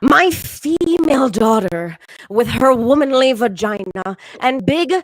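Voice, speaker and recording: Brief: a woman putting on a fussy mom in a stand-up bit, high and prissy, clearly lifted above the comic's own voice, dry close sound. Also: lively intonation, slow pace, no echo, poor audio. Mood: prim. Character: prim, coy middle-aged mother, fussy. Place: home, virtual show.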